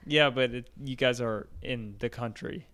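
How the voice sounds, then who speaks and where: A woman's voice: extremely low pitch, a little slow, fairly bright tone. A woman co-hosting a casual podcast, answering in short, blunt interjections. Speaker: podcast co-host. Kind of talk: casual chat.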